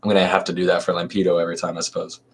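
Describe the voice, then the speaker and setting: Man musing softly between lines. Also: low-pitched, flat delivery, rapid-fire, breathy edge. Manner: musing asides, soft and trailing off. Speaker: reader. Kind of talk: casual commentary on a play reading.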